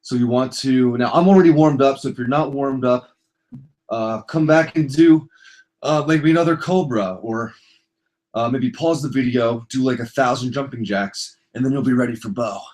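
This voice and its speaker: A man's voice: medium pitch, normal speed, a little mellow. Playful man guiding a yoga class. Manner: jokey, loose and playful, with silly asides. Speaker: yoga instructor. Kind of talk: casual yoga class instruction. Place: indoors on a floor.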